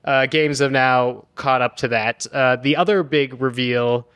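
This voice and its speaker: A man's voice: mid-range voice, steady tone, unhurried, fairly bright tone, smooth, no room sound. A man co-hosting a pop culture podcast, talking at length with enthusiasm and many fillers. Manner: enthusiastic, detailed, lots of fillers. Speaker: podcast co-host. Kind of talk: casual pop culture chat.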